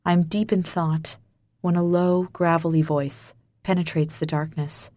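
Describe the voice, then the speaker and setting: A woman narrating a first-person romance audiobook in a soft, emotional, hushed way. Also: lowish voice, level tone, a little slow, no echo.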